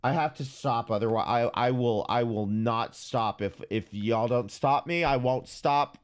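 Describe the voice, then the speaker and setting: A man's voice: mid-range voice, a little slow, smooth. A man hosting a livestream commentary, ranting furiously with heavy profanity and stammering restarts when worked up. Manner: furious, heavily profane, blunt. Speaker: streamer host.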